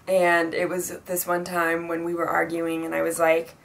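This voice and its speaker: A woman's voice: lowish voice, monotone, moderate pace, gravelly, slight background noise. A twenty-year-old woman giving casual life advice in a chatty vlog, full of fillers and acted-out quotes. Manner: chatty, filler-heavy, acts out quoted dialogue. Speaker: vlogger.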